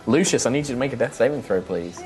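A man running a tabletop game as game master, telling the action in an animated way with sound effects and frequent chuckles. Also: mid-range voice, fast.

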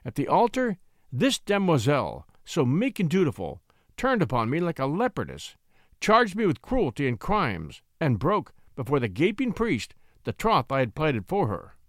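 A man's voice: fairly high pitch, huge pitch swings, normal speed, no room sound. Brief: male reader doing an imperious aristocratic uncle, curt and commanding, dry close sound. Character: domineering aristocratic older male uncle, mocking.

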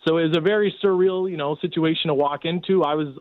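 A man's voice: on the high side, steady tone, quick pace, no echo. A man in casual storytelling, rambling with many fillers as he recounts events. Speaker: guest telling a rescue story. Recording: tinny phone line.

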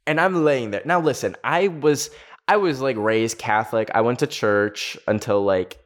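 A man's voice: medium pitch, normal speed. A young man telling a personal story in a chatty vlog style, filling his speech with "like". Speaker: video creator.

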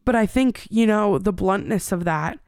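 A woman's voice: mid-range voice, normal speed, darkish tone, no room sound, studio quality. A woman in her thirties hosting a podcast, telling a personal story in a candid, rambling way with many fillers and restarts. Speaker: podcast host.

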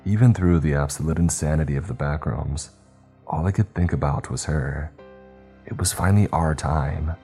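A man reading a first-person story aloud in a steady, measured way. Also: rumbling low, gravelly, soft background music. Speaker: narrator.

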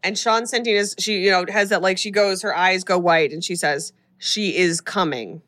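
A woman hosting a casual podcast chat, retelling a horror movie plot with animated storytelling and acted-out lines. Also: medium pitch, a little fast. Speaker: podcast host recapping a film.

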